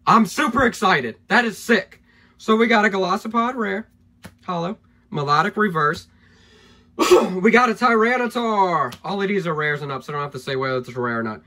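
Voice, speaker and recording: A man opening trading card packs on camera, excitable and hyped, thinking aloud as he goes and losing his voice. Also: sits high, normal speed. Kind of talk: excited pack-opening vlog.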